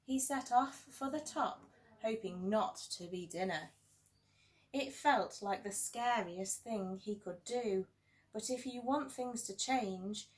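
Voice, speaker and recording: A woman teacher reads a rhyming picture book aloud at medium pitch. Her delivery is gentle and sing-song, with playful emphasis, like a storyteller.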